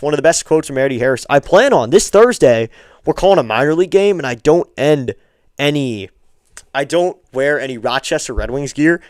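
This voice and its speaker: A man calling amateur baseball play-by-play on a live stream, calm between pitches and lifting his voice on each hit, with chatty asides to viewers. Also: smooth, no room sound, studio quality.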